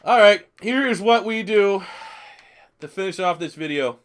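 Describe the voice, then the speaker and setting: A man's voice: high-pitched, animated, a little slow. A man in his twenties, a little tipsy from beer, giving rambling, profane, joking commentary while streaming a football video game. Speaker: gaming YouTuber streaming. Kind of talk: casual live-stream commentary.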